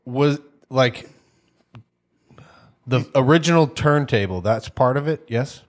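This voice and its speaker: A man's voice: mid-range voice, slow. Man, podcast co-host, asks questions, casual chat.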